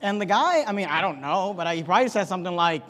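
A man teaching a Bible story lesson, telling it lively and acting out voices, with frequent restarts. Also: high voice, quick pace. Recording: echoey hall reverb.

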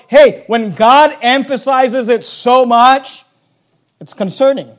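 Man, very high voice, preaching a sermon, emphatic, repeats for stress. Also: moderate pace. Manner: emphatic, repetitive preaching with rising intensity. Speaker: pastor.

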